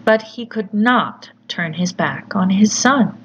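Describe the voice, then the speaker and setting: A woman narrating a horror story in a measured, deliberate storytelling manner. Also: medium pitch, expressive. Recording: slightly muffled with faint hiss.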